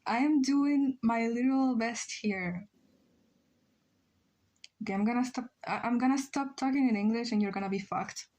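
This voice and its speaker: A woman's voice: a little high, moderate pace, darkish tone. A young woman, a native Spanish speaker, chatting casually on a drawing stream, self-mocking, with frequent ums and laughs. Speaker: livestreamer. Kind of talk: casual stream chat reading chat messages.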